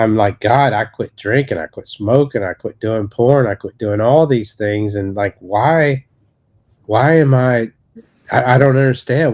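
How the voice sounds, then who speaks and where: A man in his thirties, an associate pastor, telling his personal testimony in a podcast interview in a halting, earnest way with many restarts. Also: mid-range voice.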